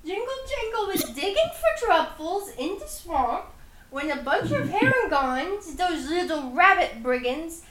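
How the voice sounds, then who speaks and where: A woman doing a tiny squeaky goblin girl. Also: big pitch swings, measured pace, fairly bright tone, echoey room, slight background noise, full character voice. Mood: aggrieved. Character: tiny timid female goblin, indignant and sad.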